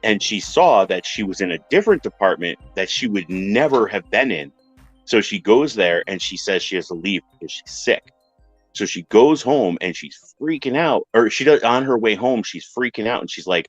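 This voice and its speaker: Deep-voiced guy telling a weird story on a podcast, acts out the people, dry muffled audio. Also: moderate pace, no echo, faint music behind. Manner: animated retelling, acts out quoted voices. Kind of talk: casual storytelling on a podcast panel.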